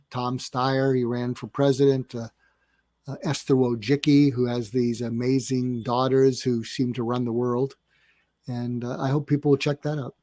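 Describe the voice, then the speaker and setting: A man's voice: medium pitch, dark tone, no echo. An older man, a psychiatrist guest on a podcast, telling stories in a meandering way with lots of fillers and acted-out dialogue. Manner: meandering, filler-heavy, acts out quoted dialogue. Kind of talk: storytelling in a podcast interview.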